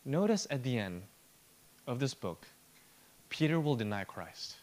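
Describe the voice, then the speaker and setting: A very animated pastor at medium pitch delivers his sermon with earnest emphasis. He drops low into a slow, soft, nearly whispered tone and then rises again to stress his words.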